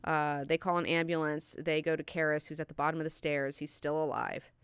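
A woman's voice: deep voice, little pitch movement, fairly quick, smooth, no echo, studio quality. A woman hosting an online book class, recapping chapters in a chatty, profane way with lots of filler words.

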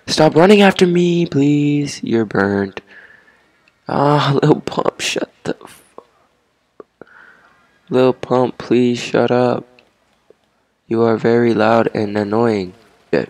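A man's voice: medium pitch, slow pace, long pauses, darkish tone, no room sound. A young man giving casual commentary on his first game session, repeating himself, swearing at enemies and laughing. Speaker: gamer.

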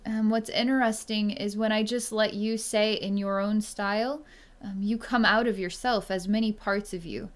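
A woman speaking as a psychic energy healer in a solo reading, talking slowly and softly with many pauses and fillers. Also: medium pitch, steady tone. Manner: slow, hesitant speech with many pauses and fillers; soft and quiet when tuned in. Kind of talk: solo reading monologue to camera.

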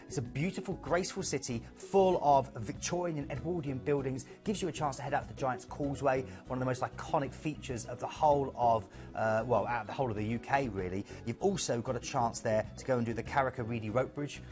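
Fast-talking man presenting cruises. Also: mid-range voice, over music. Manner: enthusiastic, rambling travel descriptions. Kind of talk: live TV sales chat.

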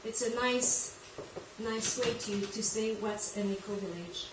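A woman's voice: fairly high pitch, unhurried. A woman from Quebec with a French Canadian accent and French as her first language, giving an informal presentation and sometimes searching for English words. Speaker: guest presenter. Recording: echoey room from far off, background noise.

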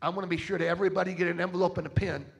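The travelling preacher races along in a level tone, his high voice gravelly as he tells dramatic stories. He rallies the church congregation with call-outs in a sermon that asks for donations.

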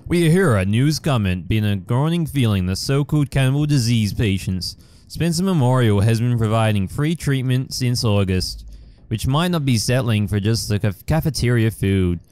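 A man putting on the voice of a stiff male TV news reporter, reading slowly in a mock announcer delivery. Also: mid-range voice, lively intonation, darkish tone, close to an everyday voice. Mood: mock-formal.

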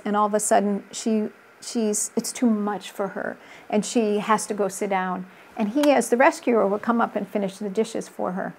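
A woman's voice: medium pitch, a little mellow, slight background noise. A middle-aged woman speaking as a relationship coach in an interview, earnest and telling stories from her practice. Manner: earnest, storytelling with quoted voices. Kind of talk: conversational interview.

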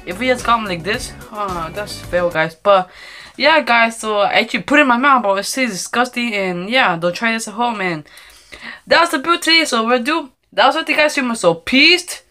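A woman's voice: on the high side, animated, moderate pace, sharp tone, soft background music. A woman vlogging a DIY food experiment at home into a phone camera, rambling and tacking guys or bro onto every sentence. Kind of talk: casual DIY food vlog.

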